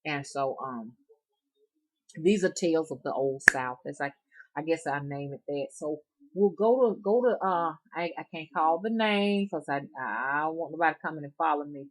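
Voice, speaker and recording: A middle-aged woman with a Southern US Alabama accent tells stories of her childhood in a folksy, meandering way. Her voice sits on the lower side, and she circles back and repeats herself as she goes. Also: moderate pace. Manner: folksy, meandering, with repetitions and digressions. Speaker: rootworker and storyteller. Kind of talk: casual spoken storytelling.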